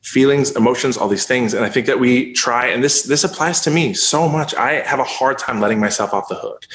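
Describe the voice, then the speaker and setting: A man's voice: mid-range voice, brisk, fairly bright tone, reverberant. A man speaking as a guest in an interview, rambling and full of "like" as he encourages people through hard times. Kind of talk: casual interview talk.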